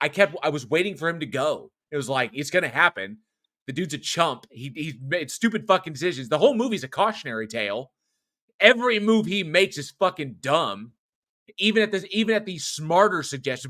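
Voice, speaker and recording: A man's voice: a little high, sharp tone. A man co-hosting a horror podcast, talking through a film review in a loose, rambling way, swearing often and restarting his sentences. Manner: rambling, profane, frequent restarts and fillers. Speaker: podcast co-host. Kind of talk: casual film review chat.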